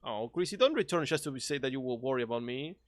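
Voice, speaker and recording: Excitable streamer man, dry close mic. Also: mid-range voice, quick pace, no room sound. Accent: non-native English accent. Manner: excitable, swears and laughs often. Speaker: game streamer. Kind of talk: casual live-stream chat.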